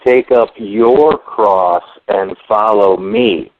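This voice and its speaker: A man's voice: lowish voice, drawn-out words. A man hosting a talk radio discussion, earnest and explanatory. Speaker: radio host. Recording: tinny phone-line radio audio.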